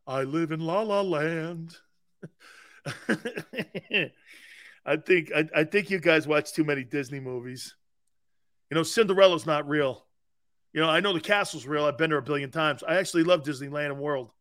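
A man hosting a sports talk show in a high, bright, punchy voice. He talks brash and emphatic, tosses in "man" and "dude", and laughs at his own points. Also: a little fast. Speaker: sports radio host. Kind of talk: sports talk radio, reacting to callers.

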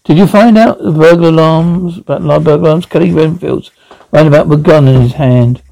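A man reading out an audio drama, speaking every part and reading the sound cues flatly. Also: a little high, fairly quick, vocal fry, no echo, rough recording.

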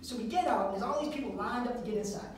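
A man performing a stand-up comedy set, telling stories with an animated delivery and acted voices. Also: extremely high pitch, racing, noisy background. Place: live comedy venue. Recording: echoey room, distant mic.

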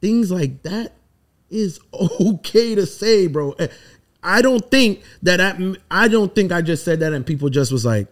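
A man's voice: high-pitched, expressive, measured pace. A middle-aged man from the Virgin Islands, a songwriter guest talking emphatically and from the heart in a casual podcast interview.

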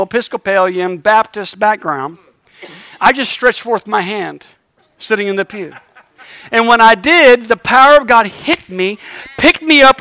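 A middle-aged man preaching a revival sermon, telling a lively story and building to shouted exhortation. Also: high-pitched, smooth, no room sound.

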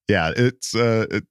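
A man's voice: mid-range voice, no echo, clean studio sound. A man co-hosting a podcast, joking and laughing often in casual chat. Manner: jokey, laughs often, lively delivery. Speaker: podcast co-host and voice actor.

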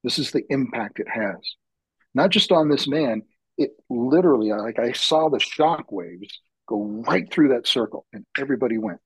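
Man, husky tone, earnest heartfelt storytelling, dry close sound, dull lo-fi recording. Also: medium pitch, expressive, dry recording. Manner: reflective, heartfelt, slow-building. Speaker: podcast guest, men's retreat facilitator.

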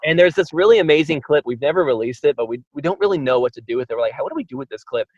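Chatty, fast-talking man on a podcast. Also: on the high side, animated, darkish tone, no room sound, lo-fi sound. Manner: enthusiastic, chatty storyteller. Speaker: podcast guest. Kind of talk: casual podcast chat.

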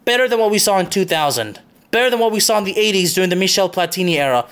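A man's voice: high-pitched, lively intonation, rapid-fire, fairly bright tone, smooth. A young man hosting his own soccer show, delivering an impassioned opinion monologue, emphatic and repetitive, stopping for "okay?" and swearing.

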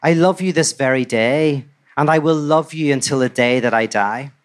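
A man's voice: mid-range voice, moderate pace, natural voice. A man voicing a devoted female squirrel in a told fairy tale, speaking tenderly and steadily.

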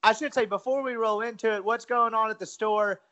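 A man's voice: sits high, steady tone, fairly quick, pushed and bright. A man co-hosting a sports betting podcast in casual, self-deprecating, rambling chat. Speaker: podcast co-host.

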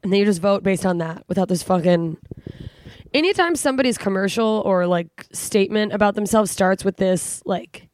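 A woman's voice: medium pitch, expressive, moderate pace, darkish tone, no room sound. Profane exasperated young woman ranting. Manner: profane, exasperated, rambling with frequent fillers. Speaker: podcast host. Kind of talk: casual solo podcast rant.

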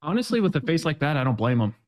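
A man's voice: a little high, sing-song, very fast. A man speaking as the guest expert on a casual podcast, laid-back and joking, swearing now and then. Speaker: options trading guest expert.

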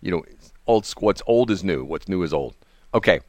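Male radio host, low voice, lively swooping pitch, rambling chat, dry studio sound. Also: moderate pace, dry recording. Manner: animated, rambling, laughs often. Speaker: radio morning show host. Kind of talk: casual on-air chat.

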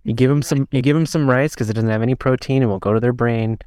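A man's voice: medium pitch, fairly even intonation, fast talker, darkish tone, no echo. A man in a casual podcast chat, laid-back and crude, joking dryly.

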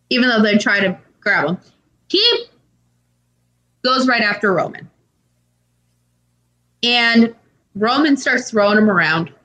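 A woman co-hosting a podcast, spinning an animated story with plenty of swearing and fillers. Her voice is bright and sits fairly high, with big swings in pitch, and she talks slowly and draws out her words. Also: poor audio. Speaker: podcast co-host. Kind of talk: casual chat.

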